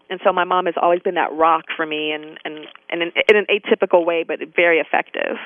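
A middle-aged woman, an interview guest, telling stories with animated delivery and acted-out quotes. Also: lowish voice, quick pace, no echo. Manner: animated storyteller, acts out quoted voices. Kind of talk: casual interview storytelling. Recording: tinny phone line, dry.

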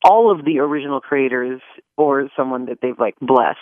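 A man's voice: medium pitch, normal speed, no echo, narrow, tinny audio. A man, a stage actor, chatting as a guest in an interview, joking and laughing with many restarts. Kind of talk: casual interview chat.

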